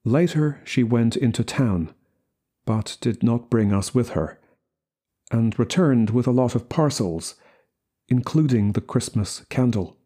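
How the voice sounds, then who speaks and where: Slow, husky male story reader. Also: mid-range voice, lively intonation, warm tone. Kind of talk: scripted narration of a short story.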